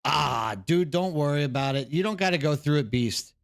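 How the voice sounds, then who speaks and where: His voice sits on the high side with lively intonation and vocal fry, moving at normal speed. He's a tired Houston-area Texan hosting a livestream, rambling chattily, reading the chat aloud, and peppering everything with "like" and "dude."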